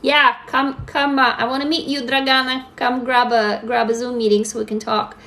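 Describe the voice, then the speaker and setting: A woman's voice: a little high, flat delivery, normal speed, sharp tone. A woman in her forties from Russia hosting a casual livestream, candid and emphatic, swearing freely as she answers viewer comments on a phone. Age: 40s. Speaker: livestream host.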